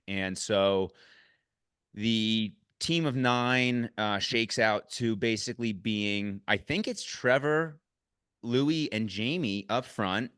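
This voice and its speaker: Casual male podcast host, low resonant voice, candid, a bit profane. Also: takes it slowly, smooth, dry recording, clean studio sound. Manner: candid, swears freely, animated when retelling. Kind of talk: casual conversational recap.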